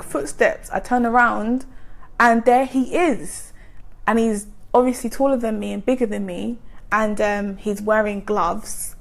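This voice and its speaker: A woman with a gentle voice, telling a personal story in a chatty vlog style full of likes and ums. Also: fairly high pitch, gravelly. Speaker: vlogger. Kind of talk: casual storytime monologue.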